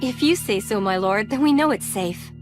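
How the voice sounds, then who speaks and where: A woman's voice: mid-range voice, expressive, normal speed, over music, close to an everyday voice. A woman voicing a reverent, devout female villager in an anime dub.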